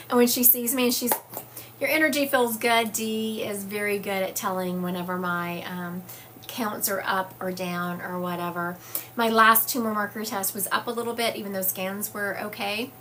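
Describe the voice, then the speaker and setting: A woman with a drawl chats casually to her online audience, stopping to answer comments and filling pauses with "um." Her voice sits at an ordinary middle pitch. A faint hiss of noise runs behind her. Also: a bit bright. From US South. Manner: chatty, reads viewer comments aloud, frequent fillers. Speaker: psychic medium livestream host. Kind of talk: casual livestream chat. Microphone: phone or webcam livestream.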